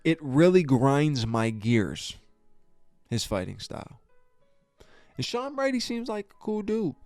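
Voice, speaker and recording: A podcast host, a man whose voice sits fairly high, rants through a casual fight review. He sounds exasperated and curses freely, and his sentences stammer and restart. The sound is dry and close, with faint music underneath. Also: very animated, slow pace, darkish tone, dry recording. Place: podcast studio.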